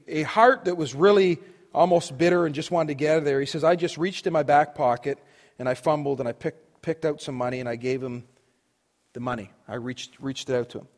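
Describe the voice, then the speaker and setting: A man preaching a sermon to students, telling a story and swinging between loud and hushed delivery. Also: a little high. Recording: long reverb of a hall.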